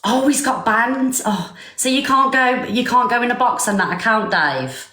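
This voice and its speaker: Woman hosting a live stream, chatty, warmly thanking viewers, bit of room echo. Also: fairly high pitch, lively intonation, normal speed. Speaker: livestream host. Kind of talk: casual live-stream chat. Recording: roomy echo.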